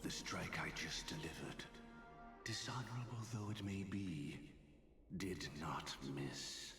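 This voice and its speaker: Give me a solemn winged warrior in a video game, with a deep, booming voice that rises and falls widely. He speaks slowly and formally, with a grave weight on every word. The game audio sounds roomy and echoey. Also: animated, gravelly, fairly bright tone, soft background music, full character voice.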